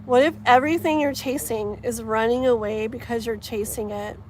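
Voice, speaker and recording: A woman's voice: on the high side, steady tone, moderate pace, darkish tone, a little hiss or hum. A woman hosting a tarot livestream, chatting casually outdoors and reading viewer comments aloud in an effusive, gushing way. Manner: effusive, gushing, many fillers. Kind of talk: casual live-stream chat reading comments. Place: outdoors, wind and passing traffic.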